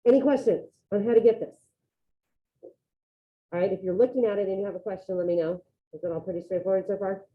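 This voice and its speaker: A woman's voice: mid-range voice, steady tone. Woman teacher on a tinny call. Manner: brisk, step-by-step instructions, coaxing. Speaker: Spanish teacher. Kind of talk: teaching a class over video call. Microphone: video call. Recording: tinny phone-like video call audio.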